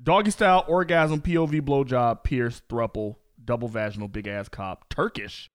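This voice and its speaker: A man of ordinary pitch banters on a podcast. He reacts with loud, profane outbursts and keeps the talk rowdy. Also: moderate pace, no echo, clean studio sound. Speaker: podcast co-host.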